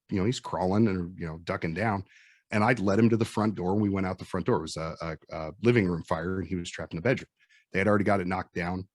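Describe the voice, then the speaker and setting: Guest, male, 40s, Midwestern American accent, lowish husky voice, dry close sound, lively storyteller. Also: dry recording. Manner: animated storyteller acting out quotes. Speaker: firefighter and instructor guest. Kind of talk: casual storytelling chat.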